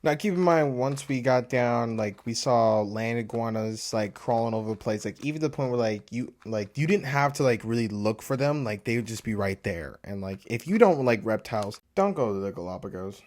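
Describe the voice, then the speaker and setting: A man's voice: mid-range voice, lively intonation, moderate pace, few pauses, a little mellow. A young man chatting loosely to camera in a casual travel vlog, full of filler words. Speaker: vlogger.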